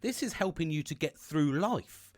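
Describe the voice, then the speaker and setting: Man, fairly high voice, lively swings in pitch, rambling monologue full of swearing. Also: moderate pace. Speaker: self-help vlogger. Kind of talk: casual monologue to camera. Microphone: plug-in mic.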